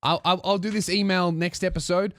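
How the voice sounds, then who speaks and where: A man's voice: sits high, steady tone, brisk, fairly bright tone. A man hosting a comedy podcast, reading viewer emails aloud and riffing on them with profane, mocking asides.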